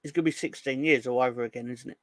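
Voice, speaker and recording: A man's voice: medium pitch, fairly even intonation, racing, no room sound, clean studio sound. A young man hosting a fan live stream, ranting in an exasperated, sweary way and reading out chat hellos. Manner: exasperated, sweary, rising into angry outbursts. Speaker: fan channel host.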